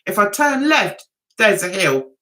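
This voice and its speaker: A woman's voice: mid-range voice, sing-song, measured pace, sharp tone. An older woman, hosting a casual livestream chat and rambling with giggles. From England. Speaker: livestream host.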